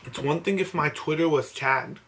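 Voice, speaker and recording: A man's voice: fairly high pitch, normal speed, vocal fry, a bit bright, slight background noise. A young man vlogging at home late at night, overwhelmed and teary with disbelief, just woken up. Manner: overwhelmed, emotional, breathless disbelief. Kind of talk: late-night excited selfie vlog.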